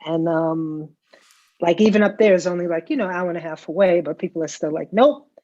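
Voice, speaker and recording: A woman's voice: fairly low pitch, steady tone, brisk, mellow, no room sound. A middle-aged woman, telling stories in casual chat and tagging her lines with "right?". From the Bronx, New York. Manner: chatty storyteller, tags lines with "right?". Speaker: customer guest. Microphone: video call. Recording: dull lo-fi video call audio.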